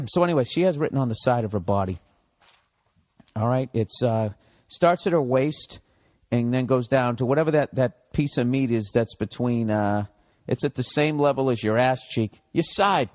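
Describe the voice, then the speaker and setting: A man's voice: mid-range voice, normal speed, no echo, clean studio sound. A man in his forties with a Boston accent, hosting a podcast and delivering a profane, sarcastic solo rant. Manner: profane, sarcastic ranting with frequent asides. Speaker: podcast host.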